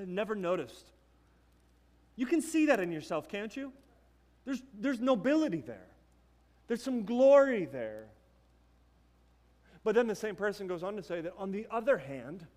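A man's voice: high voice, darkish tone. A young adult man preaching a sermon in a conversational way, tossing rhetorical questions and casual asides to the congregation. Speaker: pastor.

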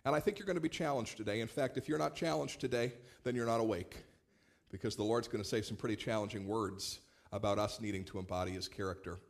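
A man's voice: on the low side, fast talker. Conversational male pastor preaching. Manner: conversational storytelling with warm humor. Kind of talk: sermon.

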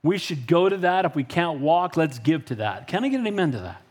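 A middle-aged man pastor preaching a sermon, animated and calling out for amens from the congregation. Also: on the high side, brisk, breathy edge. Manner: animated preaching with frequent call-outs for amen.

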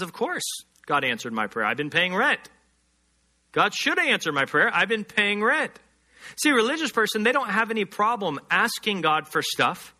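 A man's voice: high-pitched, bright, forceful tone. A man preaching a sermon as a pastor, emphatic, repeating phrases and acting out short quoted voices.

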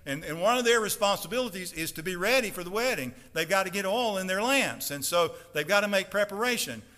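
A high-voiced, bright-toned man preaching from the pulpit. He presses his points with emphasis and rises to loud declarations, and his voice rings through the long reverb of a large church hall. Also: expressive, brisk. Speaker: pastor. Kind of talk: sermon. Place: church sanctuary.

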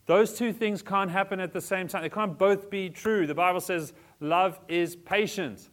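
A man in his forties preaching a sermon as a pastor, animated, joking with the congregation and swinging between soft and loud. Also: sits high, a little slow. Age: 40s. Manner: animated, varies loudness, jokes with congregation.

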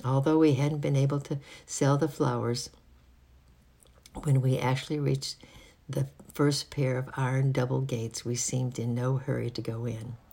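Husky, gravelly amateur audiobook narrator for a children's book, a few stumbles. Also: medium pitch, flat delivery, unhurried, dark tone. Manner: occasional slips and restarts. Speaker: audiobook reader. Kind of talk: reading a children's book aloud.

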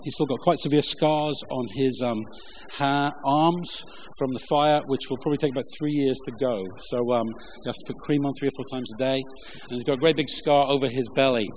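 A man preaching a relaxed, conversational sermon with jokey asides and lots of fillers, reading scripture along the way. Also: medium pitch, a little hiss or hum. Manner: informal, halting, many fillers, jokey asides. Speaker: pastor.

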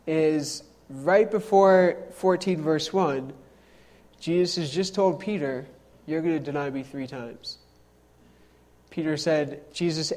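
A man's voice: on the high side, darkish tone. A young man, a pastor, preaching a sermon in a conversational way with self-deprecating humor.

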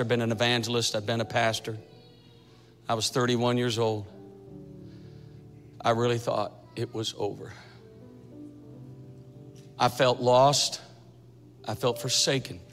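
Brief: man in his 60s, forceful dramatic sermon testimony, echoey sanctuary with soft music. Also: mid-range voice, flat delivery, unhurried, pauses often. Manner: dramatic storytelling that builds to fervent shouting. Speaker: preacher. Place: church sanctuary. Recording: echoey church hall with faint music.

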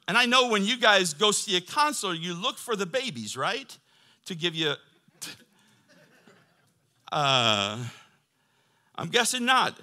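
A man's voice: high voice, sing-song, slow, long pauses, pushed and bright. A man preaching a sermon to his church in a conversational, joking way, reading scripture between asides. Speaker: pastor.

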